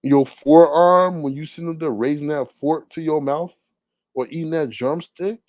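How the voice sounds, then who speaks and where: A man's voice: fairly high pitch, normal speed, dry recording. Indignant man ranting in a dry close voice. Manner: loud, indignant, drawling, swings between outbursts and mutters. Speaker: caller on a live talk stream. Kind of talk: animated casual ranting.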